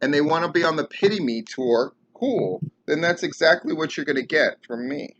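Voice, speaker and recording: A man's voice: on the high side, animated, normal speed, fairly bright tone, lo-fi sound. A man hosting his own commentary show, ranting heatedly and sarcastically with lots of swearing. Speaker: podcast host and wrestling commentator. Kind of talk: profane rant commentary.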